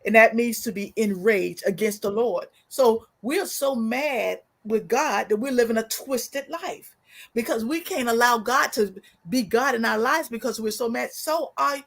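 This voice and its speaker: A woman co-host who preaches more than she chats, quoting scripture and stumbling over her restarts. Her voice sits a touch high, and she builds her points like a sermon. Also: a little slow, gravelly. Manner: sermon-like, quotes scripture, many restarts and fillers. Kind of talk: preaching talk-show commentary.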